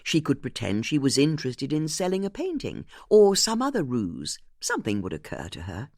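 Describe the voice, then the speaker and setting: Mystery audiobook narrator, super lively pitch, dry close sound, no room at all. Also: normal speed, dry recording.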